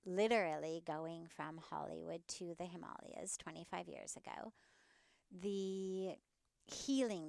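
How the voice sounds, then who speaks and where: A woman's voice: fairly low pitch, vocal fry, no echo. A woman spiritual teacher talking as a podcast guest outdoors, earnest and telling stories. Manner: warm, earnest storyteller. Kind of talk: casual interview talk and storytelling.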